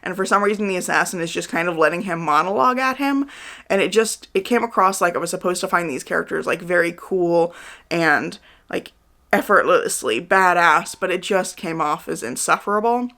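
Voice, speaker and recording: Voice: mid-range voice, a little fast, sharp tone. A book vlogger around thirty giving a chatty, candid reading wrap-up, with lots of "like" fillers. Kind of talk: casual monthly reading wrap-up.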